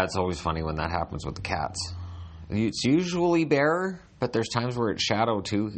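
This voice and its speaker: A middle-aged man hosting a casual solo podcast from a hotel room, talking with dry, self-deprecating humor and frequent restarts. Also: sits low. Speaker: podcast host.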